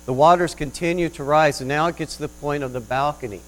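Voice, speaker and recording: Speaking quickly in a slightly high voice, this pastor delivers a sermon and recounts an illustration story with earnest, swelling intonation. The recording sounds rough.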